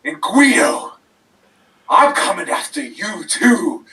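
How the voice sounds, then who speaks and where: Menacing wrestler shouting and whispering. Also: male voice, high-pitched, lively intonation, takes it slowly, recorded from a distance, low-quality recording. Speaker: pro wrestler guest. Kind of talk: theatrical wrestling promo.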